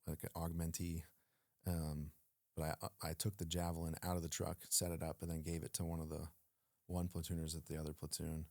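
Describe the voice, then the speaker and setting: Very deep-voiced guy telling army stories, chatty, lots of ums, does the other guys' lines, dry close mic. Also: fairly quick, no echo. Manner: animated, acts out quoted dialogue, frequent fillers. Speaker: guest, former Navy SEAL. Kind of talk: casual storytelling in an interview.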